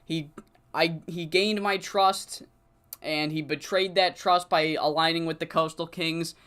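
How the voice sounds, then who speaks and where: A man voicing a betrayed male wrestler who speaks in a measured, bitter way while vowing revenge. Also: a little high, steady tone, a bit bright, smooth, pitched below the performer's own voice.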